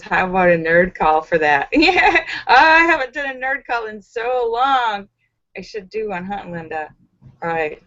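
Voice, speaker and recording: Her mid-range, slightly bright voice comes through slightly dull lo-fi stream audio. She's a live stream host reading viewer comments, giggling a lot and talking casually with fillers and restarts.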